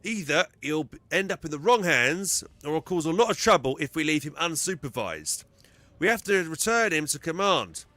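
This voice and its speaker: A man voicing a gruff, cynical male imperial soldier, reading game dialogue aloud in a curt, dismissive way. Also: fairly high pitch, sing-song, normal speed, pushed and bright, no echo, voice pushed up.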